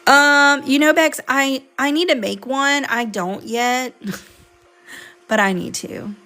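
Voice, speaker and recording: A woman's voice: high-pitched, takes it slowly, pushed and bright. A woman teaching a live coloring class, chatting casually with viewers as she works. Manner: chatty, talks to viewers while working. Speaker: art teacher on a live stream.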